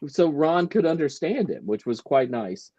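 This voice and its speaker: A man's voice: a little high, sing-song, normal speed, very noisy. Wry man on a dull lo-fi line. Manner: wry, dry humor. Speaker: podcast co-host. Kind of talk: casual chat. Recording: dull lo-fi dry sound.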